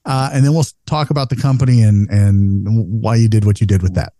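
A man's voice: fairly low pitch, steady tone, brisk, warm tone, no echo, studio quality. A man co-hosting a podcast, asking questions with stumbling restarts. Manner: stumbling, repeats words. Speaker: podcast co-host. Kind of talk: casual podcast interview.

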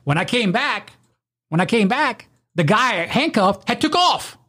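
A man's voice: high-pitched, measured pace, slight background noise. A man telling rowdy, profane stories in casual chat, acting out the people he quotes. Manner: rowdy, profane, animated storytelling with acted-out quotes. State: drunk.

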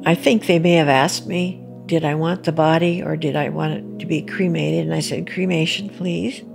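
An older woman recalling, in a halting and reflective way, how she heard terrible news. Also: deep voice, steady tone, vocal fry, music in the background. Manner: halting, reflective, pauses and restarts. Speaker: bereaved mother interviewee. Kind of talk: personal recollection.

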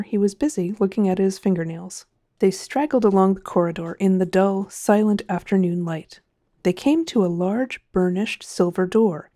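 Mellow, measured woman narrating a story. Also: mid-range voice, no echo, clean studio sound. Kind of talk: audiobook narration.

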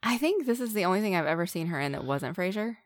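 A woman's voice: fairly low pitch, lively intonation, fast talker, no echo, studio quality. A woman co-hosting a podcast, chatting casually about a film in a wry, understated way. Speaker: podcast co-host. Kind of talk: casual film review chat.

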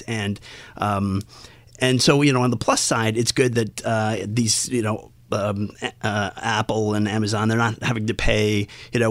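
A man's voice: lowish voice, dry recording. A man answering as a tax analyst guest in an interview, explaining at length with many fillers and restarts.

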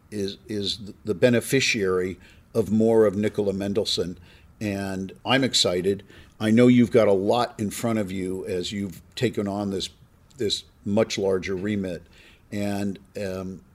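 A man hosting a podcast, chatting effusively with his guest and often stumbling over restarts. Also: fairly low pitch. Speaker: podcast host. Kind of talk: casual interview chat.

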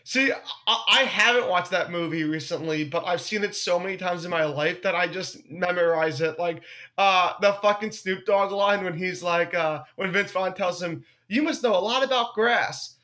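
A young man co-hosting a podcast in casual chat, animated and swearing, breaking into jokey impressions. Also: high voice, normal speed. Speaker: podcast co-host.

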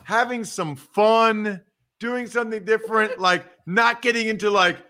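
A male podcast co-host, excitable and effusive, laughing as he talks about bets with friends. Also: high voice, a little slow. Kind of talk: casual sports betting chat.

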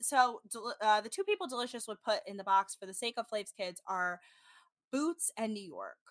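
A woman's voice: mid-range voice, very animated, moderate pace, a bit bright, no echo. A woman hosting a casual podcast, recapping a reality show in a chatty way with lots of "like". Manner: chatty, heavy use of "like", mimics people in quotes. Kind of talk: casual chat.

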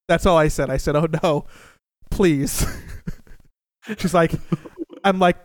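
A young man telling a funny personal story in a casual, animated and profane way, mocking himself. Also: fairly high pitch, a little fast, clean tone, dry recording.

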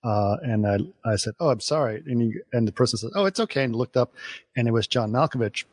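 A man's voice: mid-range voice, fairly even intonation, fairly quick, slightly rough, dry recording. A man co-hosting a podcast, telling a casual story with restarts and fillers. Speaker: podcast co-host. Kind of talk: casual chat. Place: Los Angeles area resident.

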